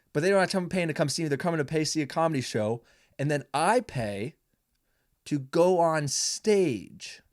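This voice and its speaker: A man's voice: a little high, dry recording, studio quality. A young man hosting a casual solo podcast, rambling and swearing freely, mocking himself as he talks. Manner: rambling, profane, self-mocking. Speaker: podcast host.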